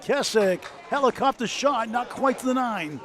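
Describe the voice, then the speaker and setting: A man with a New England accent giving brisk score updates and play-by-play for a bowling match in a bowling alley. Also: very high-pitched, animated, a crowd in the background. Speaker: bowling commentator. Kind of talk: live sports commentary.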